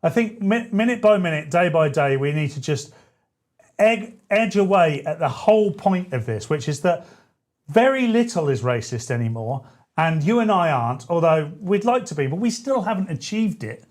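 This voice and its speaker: This talk radio host has a slightly high, darkish-toned voice and speaks at a moderate pace with a lot of animation. His casual chat rambles, and he keeps correcting himself mid-sentence.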